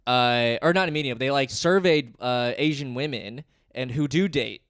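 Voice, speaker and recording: A man's voice: mid-range voice, moderate pace, a bit bright, clear, resonant tone, no room sound, studio quality. A young man co-hosting a podcast, telling a stand-up anecdote in casual chat and laughing often. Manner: storytelling, laughs often, acts out voices in anecdotes. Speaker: podcast co-host; stand-up comedian.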